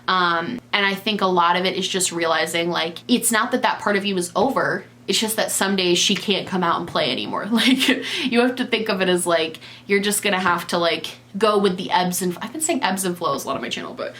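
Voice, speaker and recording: A woman's voice: fairly low pitch, brisk, hardly any pauses, a bit bright. A young adult woman talking candidly in a casual vlog while knitting. She often stops and restarts her sentences. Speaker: vlogger. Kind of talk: casual confessional chat.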